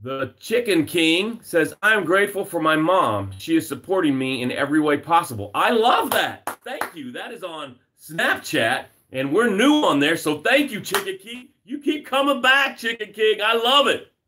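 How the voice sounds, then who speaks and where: An emphatic man coaching viewers through a live motivational stream from home. He drives his points with repeated phrases and reads comments aloud, his pitch leaping up and dropping low. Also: very animated, moderate pace, few pauses, bright, forceful tone, slight background noise. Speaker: success coach hosting a live broadcast. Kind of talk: motivational livestream talk.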